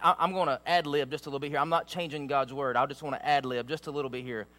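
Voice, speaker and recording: A man's voice: medium pitch, fairly even intonation, fast talker, sharp tone. A man preaching a sermon with emphatic, repeated rhetorical phrases.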